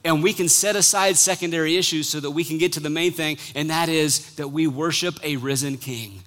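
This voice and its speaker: A middle-aged man preaching a sermon as pastor, animated, acting out quotes and dropping suddenly quiet. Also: on the high side, fairly quick.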